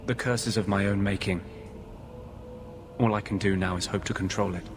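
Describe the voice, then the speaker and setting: A man's voice: on the low side, fairly even intonation, normal speed, noisy background, lightly acted. An actor voicing a brooding male mage haunted by a vengeful spirit, speaking in a grave, intense, earnest way in video game dialogue. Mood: grim.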